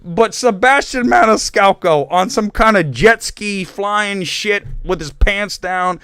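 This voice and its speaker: A man's voice: slow, pushed and bright, clean tone, no room sound, clean studio sound, full character voice. A man putting on a hammy mock Italian-American accent, voicing a brash Italian-American man. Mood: ranting. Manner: exaggerated, high-pitched and emphatic. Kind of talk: live stream movie commentary.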